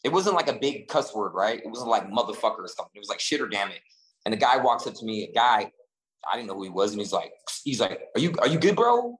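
A man co-hosting a casual chat, telling stories in an animated, profane and rambling way, full of restarts. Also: lowish voice, fast talker, poor audio. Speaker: podcast co-host.

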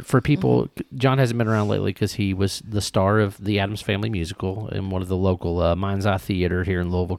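A man's voice: sits low, creaky, dry recording. A man hosting a casual podcast chat, joking and rambling and laughing often. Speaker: podcast host.

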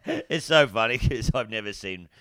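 A man's voice: medium pitch, animated, normal speed, gravelly, fairly bright tone, no echo, studio quality. An Australian man in a casual chat, laughing often and encouraging his mate. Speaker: podcast co-host.

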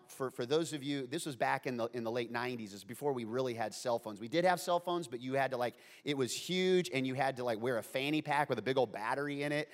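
A man in his forties, a preacher telling a humorous story in an animated, playful way with many asides. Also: mid-range voice. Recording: long hall reverb.

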